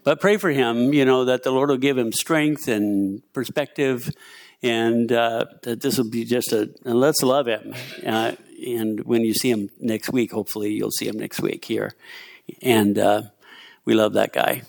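A man's voice: mid-range voice, fairly even intonation, unhurried, creaky. A man preaching as a pastor, speaking casually with fillers and asides between scripture readings. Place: church.

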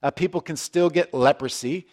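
A male pastor gives a casual, chatty sermon with a fairly high voice. He drifts into asides and jokes with the congregation, restarting sentences as he goes. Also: normal speed, darkish tone. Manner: conversational, self-deprecating, frequent restarts and asides.

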